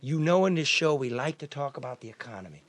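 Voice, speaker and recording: A man's voice: mid-range voice, lively intonation, fast talker, no echo. Blunt, profane talk show host man. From American Midwest. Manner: blunt, profane, repeats himself. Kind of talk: casual talk show banter.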